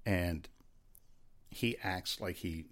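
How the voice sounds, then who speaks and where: A man's voice: sits low, extremely slow. A man, a former police officer, telling a rambling story in a laid-back way, acting out what people said. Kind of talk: casual storytelling chat.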